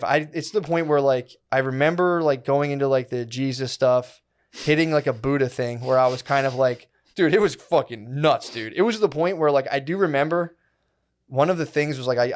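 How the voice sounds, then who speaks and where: A young man in the middle of a long, loose story. He swears freely, rambles from one point to the next, and his voice sits at an everyday middle pitch. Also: normal speed. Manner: rambling, peppered with "like" and "dude", profane. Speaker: podcast co-host. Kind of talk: casual storytelling.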